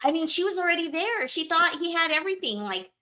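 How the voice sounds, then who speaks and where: A woman hosting a podcast in casual chat, animated and laughing often. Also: very high-pitched, fast. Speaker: podcast host.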